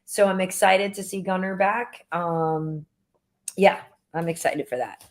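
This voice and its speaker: A woman hosting a podcast in casual chat, talkative and quick to laugh, with lots of fillers. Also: fairly low pitch, steady tone. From Jamaica. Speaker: podcast host.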